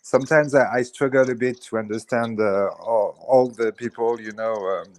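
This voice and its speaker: A French man joining a livestream as a guest. He speaks English learned at school in a halting, careful way, with a clear French accent and an ordinary middle pitch. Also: steady tone. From France. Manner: hesitant, halting English with many fillers and restarts. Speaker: guest caller. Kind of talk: casual livestream chat.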